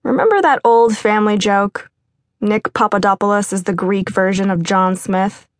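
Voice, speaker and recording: A woman narrator voicing a lively grown woman from a busy Greek family, brisk and teasing, in an audiobook. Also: medium pitch, dry recording, clean studio sound, lightly acted. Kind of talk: audiobook character voice.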